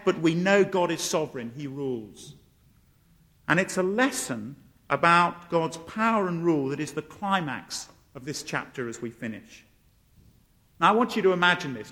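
A man's voice: sits high, fairly bright tone. A man preaching a sermon and telling the story with animation, acting out the voices he quotes. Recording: long hall reverb.

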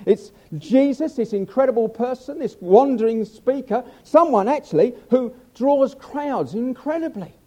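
A man's voice: extremely high pitch, lively intonation, unhurried, few pauses, mellow. An older man preaching a humorous sermon, chatty and self-mocking as he tells stories.

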